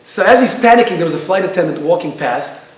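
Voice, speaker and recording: A man giving a class, telling a story in an animated way and asking his audience questions. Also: sits high, quick pace. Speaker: lecturer. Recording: very echoey room, speaker far from the mic.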